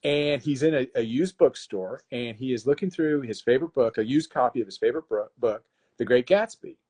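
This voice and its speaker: Author guy on a livestream, chatty, restarts sentences a lot, mid pitch. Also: a little fast, husky. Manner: animated storyteller, frequent restarts. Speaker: guest author. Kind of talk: casual interview, retelling a plot. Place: live stream.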